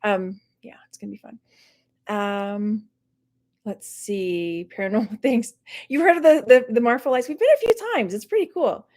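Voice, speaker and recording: A woman's voice: medium pitch, expressive, normal speed, darkish tone. A middle-aged woman from Texas rambling casually on her livestream, laughing often, her mouth dry. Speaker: online reseller hosting a livestream.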